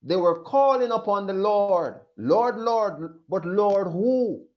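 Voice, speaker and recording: Slow, emphatic high-voiced male preacher. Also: animated. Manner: emphatic, repeats phrases, voices questions of others. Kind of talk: sermon. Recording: dull lo-fi recording.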